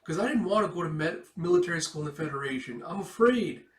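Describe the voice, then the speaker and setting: A woman's voice: deep voice, animated, brisk, distant mic, pitched above the performer's own voice. A man voicing a frightened runaway girl who pleads in a raised, eager voice, recorded with a roomy echo. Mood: pleading.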